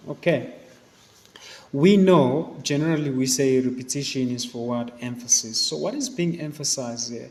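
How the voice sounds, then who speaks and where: A man's voice: medium pitch, measured pace, a little mellow, in a large hall. A man teaching a literature exam review. He talks students through each question and uses plenty of fillers and asides. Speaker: English teacher.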